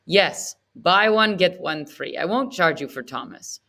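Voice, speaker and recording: A woman's voice: lowish voice, expressive, unhurried, creaky, pushed and bright, heavily acted. Woman voicing a wheedling orphanage keeper. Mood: insistent. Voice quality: ingratiating, wheedling. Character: fawning, scheming male orphanage keeper.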